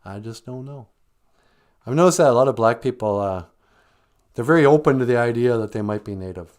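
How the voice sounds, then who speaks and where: A man's voice: mid-range voice, lively intonation, fairly quick, darkish tone, lightly acted. A man voicing a brash, pushy woman caller who teases and bosses the host around. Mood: chatty. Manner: brassy, calls the host a fool.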